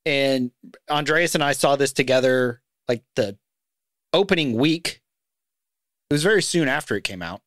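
A man's voice: mid-range voice, animated, moderate pace, long pauses, a bit bright, no room sound, clean studio sound. A man hosting a podcast in a casual, chatty way, laughing easily and often restarting his sentences. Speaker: podcast host.

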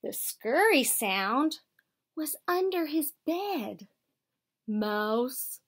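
Expressive woman reading a storybook. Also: high voice, takes it slowly. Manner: warm, expressive storytelling, asks questions of children. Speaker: teacher reading to children. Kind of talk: picture book read-aloud.

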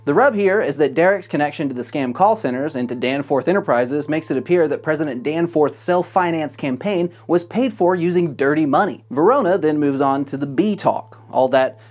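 A man's voice: fairly high pitch, fairly quick, few pauses, darkish tone. Male recap narrator, comedic and sarcastic, profane running commentary.

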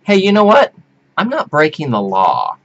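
Flamboyant whooping man with swooping pitch. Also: huge pitch swings, moderate pace, creaky, a bit bright, highs cut off. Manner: flamboyant, whooping, giggly, theatrical swings from shrill to low mutter. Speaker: performance artist vlogger. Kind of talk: rambling camp monologue to webcam. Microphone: webcam.

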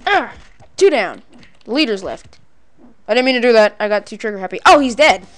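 Lively playful woman playing a game. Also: mid-range voice, a little fast, clean tone. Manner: playful, excitable, yelling cartoonish battle cries. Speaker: gaming video creator. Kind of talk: let's play commentary.

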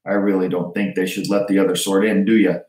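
A man's voice: low voice, level tone, quick pace, darkish tone, close to an everyday voice. A man voicing a sneering, snobbish wizard schoolboy with a drawl. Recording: roomy echo.

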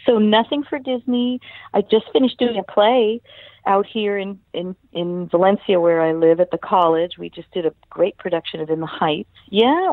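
An older woman, a singer and voice actress, telling stories as an interview guest over the phone in a chatty, lively way. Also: mid-range voice, dry recording. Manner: chatty, storytelling, animated quotes. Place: home in California. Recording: dry tinny phone line.

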